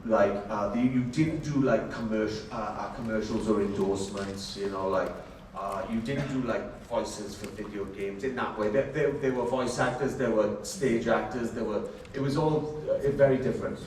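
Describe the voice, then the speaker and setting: A man telling animated, chatty stories at a convention Q&A panel, often laughing as he talks. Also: on the low side, normal speed. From Wales. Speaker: actor, panel guest. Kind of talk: convention Q&A storytelling. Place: large convention hall. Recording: very echoey hall, distant, faint noise.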